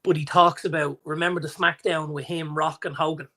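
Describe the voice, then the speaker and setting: An Irish man in his forties, chatting as a podcast co-host. His voice sits a little high, and he tells stories with energy, playing out the lines of the people he quotes. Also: fairly quick. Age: 40s. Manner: animated storyteller, acts out quotes. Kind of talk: casual chat.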